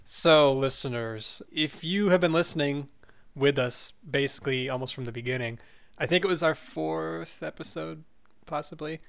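A man's voice: fairly high pitch, normal speed, creaky, clean tone. Man hosting a casual podcast. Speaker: podcast host.

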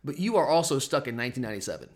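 A man's voice: mid-range voice, sing-song, very fast. A man hosting a casual sports betting podcast, teasing his co-host and rambling with frequent restarts.

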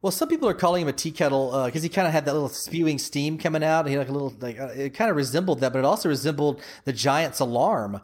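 A man's voice: on the high side, animated, fast talker, few pauses. A man co-hosting a podcast, talking loosely and casually, hedging with "kinda" and swearing now and then. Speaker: podcast co-host. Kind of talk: casual chat.

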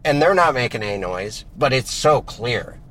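Deadpan male co-host, casual car chat, mid pitch. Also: normal speed. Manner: deadpan, absurd jokes. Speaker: podcast co-host.

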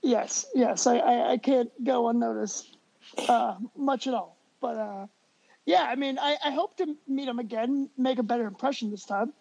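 A man, a podcast guest, telling stories in a casual, animated way and laughing as he goes. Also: extremely high pitch, normal speed, gravelly. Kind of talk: casual storytelling. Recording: dull lo-fi recording.

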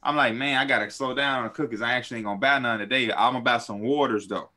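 A young man on a podcast, telling a story in casual chat, animated and profane. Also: racing. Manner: animated, profane, swings high when quoting people. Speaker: podcast co-host.

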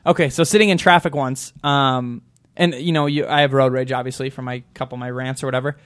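A man on a talk show telling rambling, animated anecdotes and acting out the quotes. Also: medium pitch, quick pace. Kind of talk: casual storytelling chat.

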